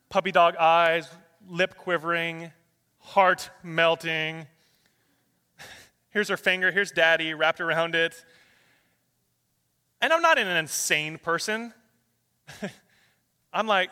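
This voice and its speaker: A man in his thirties, a pastor telling a family story in a sermon, dropping soft and then rising into loud pleas. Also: fairly high pitch, moderate pace, long pauses, in a large hall.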